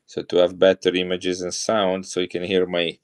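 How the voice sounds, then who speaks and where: A deep-voiced middle-aged man with an Italian accent talks casually on a live stream. He chats with viewers and shows off coins as he goes. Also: monotone, normal speed, clear, resonant tone. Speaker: coin seller on a live stream.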